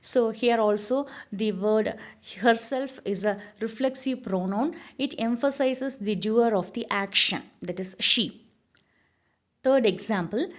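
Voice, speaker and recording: Lady explaining grammar, lots of uhs and restarts, pitched a bit high, repeats her examples. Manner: many "uh" fillers and self-corrections, repeats the examples slowly. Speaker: English grammar teacher.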